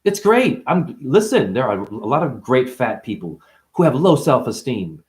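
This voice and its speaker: Man, spiritual vlogger, rapid puns, profane, mid-pitched voice, jumpy. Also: big pitch swings. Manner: rapid free-associating punning, profane, laughing, preachy. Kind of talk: rambling spiritual wordplay monologue.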